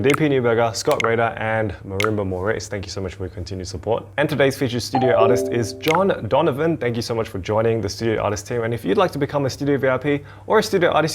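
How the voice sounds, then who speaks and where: A man in his twenties hosts a casual reaction video from a home studio, chatty and excitable, laughing often. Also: mid-range voice. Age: 20s. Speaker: host. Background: marching percussion show playing.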